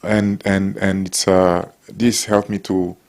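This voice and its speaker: A man giving casual, encouraging advice to young people, with halting restarts. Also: deep voice, flat delivery. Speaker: guest speaker, former footballer. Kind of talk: casual talk to young audience.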